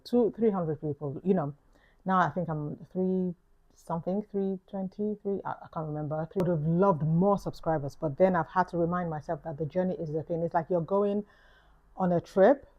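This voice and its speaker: A woman YouTuber with a London accent delivers an earnest, reflective vlog monologue, repeating key phrases for emphasis. Her voice is on the low side, and the recording has its highs cut off.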